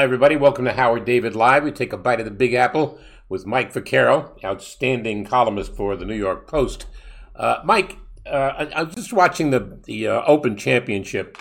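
A male sports radio host steers a casual chat with his guest. His voice sits in a middle register, and he turns animated when he acts out what fans shout. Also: medium pitch, moderate pace, creaky. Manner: animated, mimics fans yelling.

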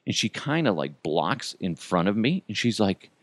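A middle-aged man hosts his podcast alone, airing everyday gripes in a loose, profane rant full of chuckles. His voice sits on the low side but leaps up and down expressively. The sound is close and dry, with no room around it. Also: sing-song, moderate pace, no room sound. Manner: profane, chuckling, exasperated venting. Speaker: podcast host. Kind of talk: casual ranting monologue.

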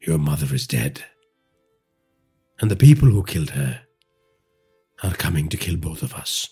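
A man reading a crime audio story and voicing a hardened, grim middle-aged father who speaks low and bluntly. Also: animated, a little slow, warm tone, slightly rough, faint music behind, exaggerated voice.

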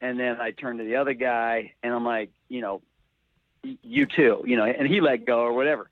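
A man, a former mascot performer, telling a story in a panel chat, halting and restarting as he goes. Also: medium pitch, steady tone, dry recording, phone-quality sound. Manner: halting, restarts often, laughs between lines.

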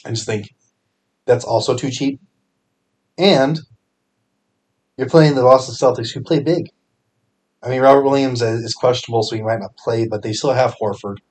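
A man hosting a fantasy sports podcast, talking through his picks in a casual, energetic way, full of fillers and self-corrections. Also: medium pitch, moderate pace, pauses often.

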